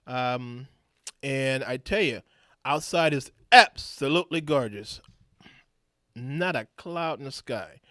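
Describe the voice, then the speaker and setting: A man hosting a live radio talk show, shifting from a booming announcer voice to a loose, rambling chat full of fillers. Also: lively intonation, slow, fairly bright tone, no room sound, clean studio sound. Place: radio studio.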